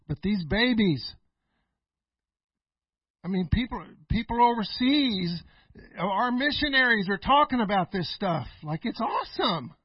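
A middle-aged male pastor preaching a folksy sermon, laughing often and swinging between loud and quiet. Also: high voice, slightly rough, no room sound, highs cut off.

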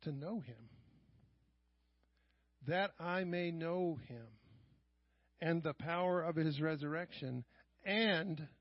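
In a church sanctuary, a middle-aged man with a high voice preaches a sermon, slipping into quiet asides before rising into loud, raised passages. The audio is dry with no room echo, muffled like a lo-fi church live stream.

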